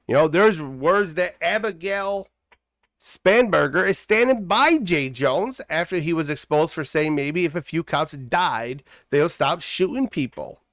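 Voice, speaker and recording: A man's voice: on the high side, animated, a little slow, a bit bright, dry recording. Heated man hosting a commentary podcast. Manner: heated, preachy, repeats phrases for emphasis. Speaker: podcast host.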